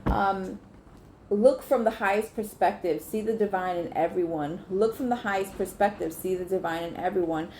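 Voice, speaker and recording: A woman's voice: mid-range voice, brisk, few pauses, warm tone, slight background noise. A woman giving a casual, chatty tarot reading, swearing freely and talking straight to her viewers. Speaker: tarot reader.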